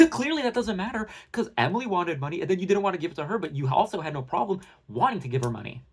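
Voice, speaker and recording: A young man delivering a heated, profane, sarcastic rant to his viewers, talking in fast bursts with many fillers. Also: sits high, sing-song, husky. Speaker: commentary channel host.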